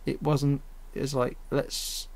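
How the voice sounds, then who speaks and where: This man speaks slowly in a creaky, medium-pitched voice with little pitch movement. Editing his own animated fan series on a home computer, he rambles casually and fills his talk with fillers.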